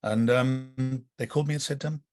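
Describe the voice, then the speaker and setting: A man's voice: medium pitch, steady tone, normal speed, darkish tone, soft background music. A man talking casually as an interview guest, rambling with frequent restarts and fillers.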